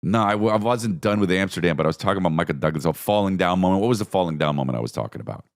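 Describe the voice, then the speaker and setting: Male comedy podcast host, low gravelly voice, wildly swinging pitch, profane rambling storyteller. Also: rapid-fire. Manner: animated, profane, jumps into bits and voices.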